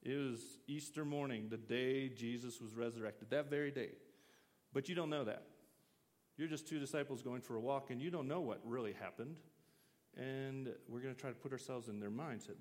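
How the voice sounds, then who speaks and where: A man's voice: mid-range voice, a little mellow, in a large hall. A man preaching an interactive sermon, talking casually and asking his listeners questions. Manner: conversational, asks the audience questions.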